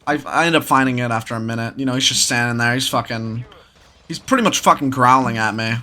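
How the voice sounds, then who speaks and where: A man's voice: medium pitch, fast, bright, forceful tone. A young man telling a story in casual, rambling commentary, swearing constantly.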